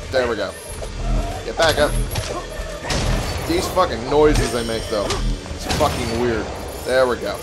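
A man's voice: medium pitch, poor audio. A young man giving casual let's-play commentary, reading item text aloud with wry jokes and frequent swearing. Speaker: gameplay commentator. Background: game music.

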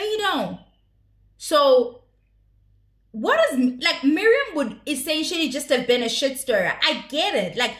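A woman's voice: sits high, fairly bright tone, echoey room. A woman giving casual recap commentary on a reality show, blunt, profane and opinionated.

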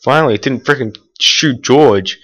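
A teenage boy casually narrates his gameplay, rambling with fillers and restarts and erupting in annoyed outbursts at the game. His voice is mid-range, a bit bright, and moves at a moderate pace.

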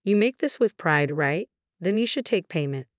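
A woman reading the lines of a gentle, kind elderly father in a calm, soft-spoken way. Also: fairly low pitch, normal speed, dry recording, clean studio sound, natural voice.

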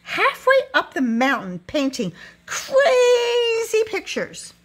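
A woman voicing a chatty village lady who calls out directions loudly, in a storybook reading. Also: extremely high pitch, wildly swooping pitch, takes it slowly, pitched above the performer's own voice, full character voice. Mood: animated.

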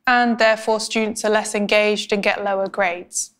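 A woman teaching academic writing in a clear, measured, scripted explainer style. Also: medium pitch, flat delivery, fairly bright tone. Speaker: language instructor.

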